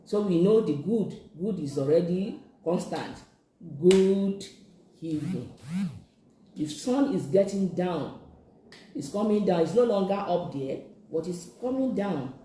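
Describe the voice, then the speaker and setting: A sign language instructor, teaching slowly and patiently in a live-streamed lesson, repeating each phrase many times. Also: medium pitch, animated, warm tone, slight background noise. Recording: echoey room.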